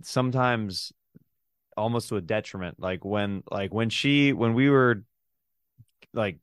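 A man's voice: fairly low pitch, measured pace, clear, resonant tone, no echo, clean studio sound. A man in his thirties, a comedian guest in a casual interview, easygoing and self-deprecating.

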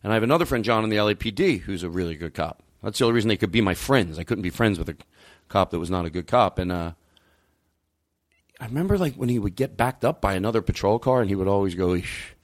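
A man hosting a podcast, ranting, swearing and jumping his pitch for emphasis. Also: lively intonation, fast talker. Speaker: podcast host. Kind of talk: heated podcast rant.

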